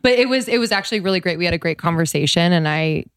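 A woman's voice: on the low side, expressive, rapid-fire, clean tone. A woman co-hosting a podcast, speaking openly and reflectively in a casual chat. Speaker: podcast co-host.

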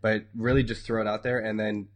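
A man's voice: lowish voice, little pitch movement, brisk. A man co-hosting a casual podcast, talking in a wry, rambling way with many fillers. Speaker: podcast co-host. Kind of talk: casual chat.

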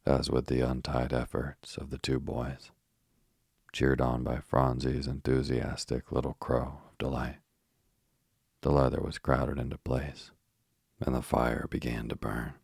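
Very deep, slow male storybook narrator. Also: little pitch movement, creaky, a little mellow, breathy edge, no echo, clean studio sound. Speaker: audiobook narrator.

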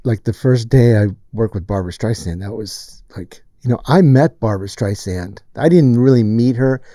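Man with a very dark, mellow voice. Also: medium pitch, normal speed, no room sound. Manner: animated storyteller, acts out quotes. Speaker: music producer. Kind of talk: casual storytelling chat.

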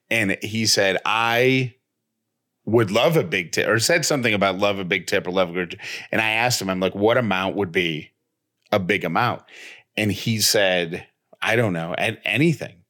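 A man co-hosting a podcast, casually telling a story and acting out the dialogue as he goes. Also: lowish voice. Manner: animated, retells with quoted dialogue. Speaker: podcast co-host.

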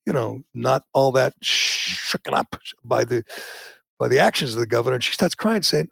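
A gravelly man hosts an opinionated talk show, his voice husky and rough at the edges. He sounds indignant and keeps climbing into loud, heated bursts. The sound is dry and close. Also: mid-range voice, lively intonation, normal speed, dry recording. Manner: indignant, swings to loud outbursts. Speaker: podcast host.

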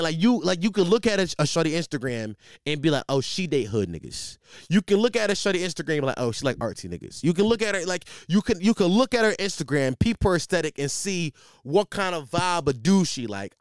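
A man does a rambling, comedic monologue, full of fillers and restarts. His voice is smooth and clear, sits slightly high, and swings widely in pitch. The sound is dry and close. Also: quick pace, few pauses, no echo. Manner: animated, rambling, lots of fillers and repeats.

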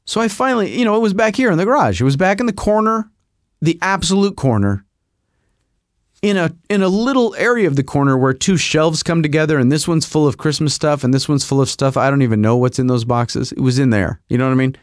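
A man talks through his own podcast in a loose, rambling way, poking fun at himself as he goes. His voice sits fairly high and swoops around a lot. The sound is dry and close, with no room around it. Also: lively intonation, brisk, no echo. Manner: rambling, self-mocking, mimics agency people in a higher voice. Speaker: podcast host. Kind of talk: casual solo monologue.

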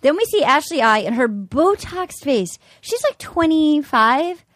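A woman hosting a podcast, chatting in a gossipy, animated way and laughing often. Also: sits high, measured pace, no room sound, studio quality. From New England, US. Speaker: podcast host. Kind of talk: casual chat.

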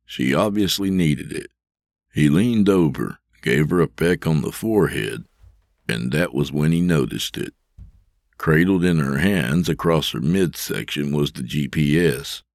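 A man narrating a scripted fiction podcast in a steady, measured storytelling manner, close to the mic. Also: extremely low pitch, dry recording.

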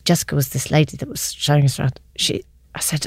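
A middle-aged woman with a lowish voice, sharing stories with warm-hearted enthusiasm. The sound is close and dry, with no room echo. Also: fairly even intonation, fast, hardly any pauses, slightly rough. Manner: enthusiastic storyteller. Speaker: mother. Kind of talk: casual chat.

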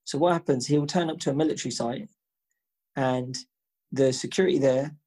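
A man co-hosting a podcast, chatting casually and telling an animated story, swearing freely and acting out the voices of people he quotes. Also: mid-range voice, moderate pace. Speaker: podcast co-host. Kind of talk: casual chat.

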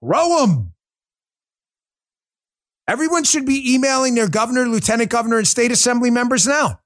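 Ranting man with a high voice. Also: lively intonation, moderate pace, a bit bright. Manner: combative, ranting, sarcastic. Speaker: political talk show host. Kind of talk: livestreamed political commentary.

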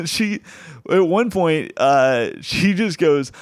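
A man's voice: a little high, animated, slow pace, no room sound, clean studio sound. A man hosting a comedy show, telling a funny story in a casual way, laughing as he goes and acting out quotes. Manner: laughs through his own story, acts out quotes.

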